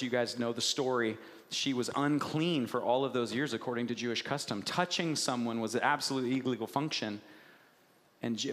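A man's voice: medium pitch, fairly bright tone. A man preaching a sermon, asking the congregation questions and telling stories with animation. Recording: long reverb of a large hall.

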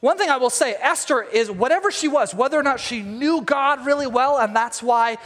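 A man preaching a sermon, retelling a story with animated storytelling and acting out the characters. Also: very high voice, moderate pace, long reverb tail.

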